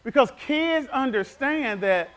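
A man preaches in a high, ringing register. His voice is bright and pointed as he tells family stories and pulls the congregation into call-and-response. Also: animated, slow, clean tone. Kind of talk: sermon.

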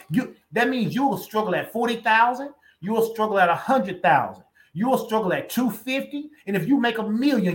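A man's voice: high voice, a bit bright. A man preaching in a conversational sermon, emphatic and repeating lines for weight. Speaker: pastor.

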